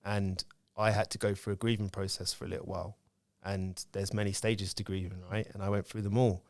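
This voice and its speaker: A man's voice: fairly low pitch, level tone, a little fast, no echo. A man, speaking as a podcast guest and telling candid stories about his own life in casual conversation. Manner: candid storytelling, reflective.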